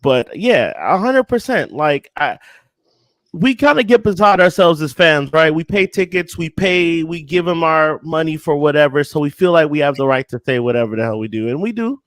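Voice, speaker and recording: A man's voice: fairly high pitch, expressive, normal speed, no room sound. A man co-hosting a casual sports talk show, blunt and conversational, talking in hypotheticals. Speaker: co-host.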